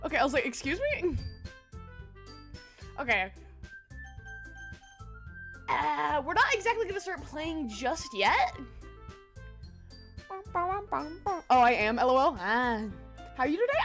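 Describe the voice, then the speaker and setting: A woman's voice: high voice, very animated, slow pace, long pauses, a bit bright, soft background music. A woman streamer in casual, giggly chat, greeting her viewers by name.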